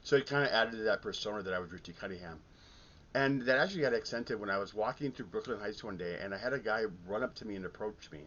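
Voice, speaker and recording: A man's voice: fast, a bit bright. A middle-aged man from the American Midwest, chatting casually and rambling with many ums and restarts in a vinyl collecting vlog. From Milwaukee, Midwest US. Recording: dull lo-fi sound with faint rumble.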